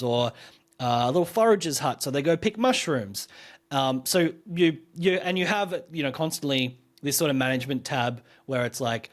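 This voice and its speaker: A man's voice: medium pitch, normal speed. A man, co-hosting a podcast and talking through a game in a rambling, enthusiastic way. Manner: rambling, filler-heavy, enthusiastic explaining. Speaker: podcast co-host. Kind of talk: casual podcast chat reviewing a game.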